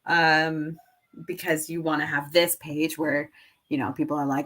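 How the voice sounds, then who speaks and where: Rambling woman with a lowish voice. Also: steady tone, unhurried, a bit bright. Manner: rambling, filler-heavy, laughs at herself. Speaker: teacher and online seller. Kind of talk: casual screen-share tutorial.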